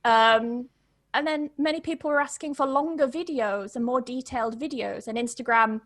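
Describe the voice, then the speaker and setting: A young woman, a podcast guest telling her story in a chatty, quick way and laughing often. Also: high-pitched, fairly bright tone, no room sound, studio quality. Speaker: podcast guest, English pronunciation teacher. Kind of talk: casual storytelling interview.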